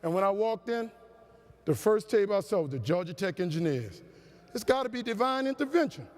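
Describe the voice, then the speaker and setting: Keynote speaker, male, higher voice, animated preacher cadence, reverberant hall. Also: fairly quick. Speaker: motivational speaker. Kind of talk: storytelling keynote speech. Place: large conference hall.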